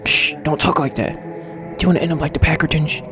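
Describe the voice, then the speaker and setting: A man voicing a fearful male cult member in a game, speaking in a hushed, cautioning way. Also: on the high side, fairly even intonation, quick pace, lightly acted. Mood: hushing. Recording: game music behind.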